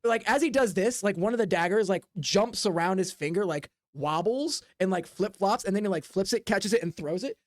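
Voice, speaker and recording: A woman's voice: mid-range voice, animated, brisk, few pauses, no echo, clean studio sound. A woman game master narrating a tabletop game in a chatty, filler-heavy way.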